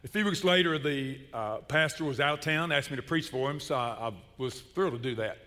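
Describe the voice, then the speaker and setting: Preaching from the pulpit, a middle-aged man from Chattanooga, Tennessee weaves lively, funny stories into his sermon. The pastor's mid-range voice moves a little fast, and the room leaves a long reverb tail.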